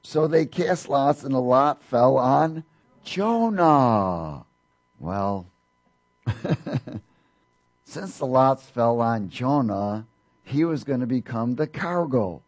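Speaking slowly and animatedly with long pauses, a preacher reads scripture aloud and explains it in his sermon. His pitch often rises for the quoted lines, and he gives light laughs.

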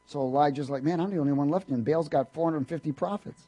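A male preacher with a notably high-pitched voice delivers a passionate sermon. He reads scripture and punctuates it with hallelujahs. His volume rises to fervent bursts and drops to quiet murmured asides. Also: fast. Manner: impassioned, swings between loud bursts and quiet asides; frequent "hallelujah" interjections.

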